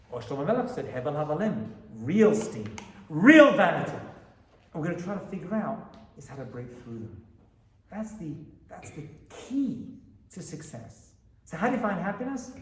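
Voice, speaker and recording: A man, a rabbi, giving an animated Torah lecture to a live audience, often asking them questions. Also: fairly high pitch, reverberant, far from the mic.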